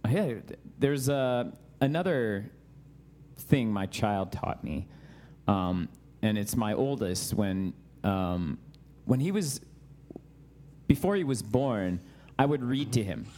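A man in casual conversation about faith, telling animated stories and laughing often. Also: fairly low pitch, takes it slowly, long pauses, a little hiss or hum.

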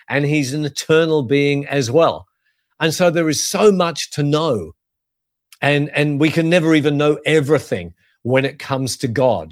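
Earnest pastor teaching in a dry room. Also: male voice, fairly high pitch, dry recording. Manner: earnest, measured, emphatic on key phrases. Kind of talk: sermon-style teaching.

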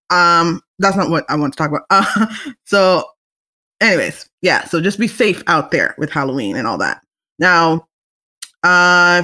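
Bright-voiced chatty young woman host. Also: on the low side. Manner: chatty, rambling with many restarts and laughs. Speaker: solo podcast host. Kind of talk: casual chat.

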